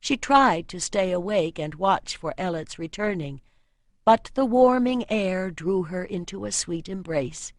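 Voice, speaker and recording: Woman audiobook narrator, slow measured delivery, dry close recording. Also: fairly low pitch, expressive, dry recording.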